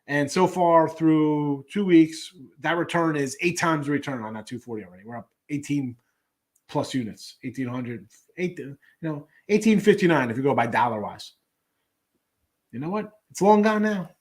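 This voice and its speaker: A man's voice: a little high, normal speed. A middle-aged man hosting a sports betting show, talking casually in a rambling way with lots of fillers and restarts.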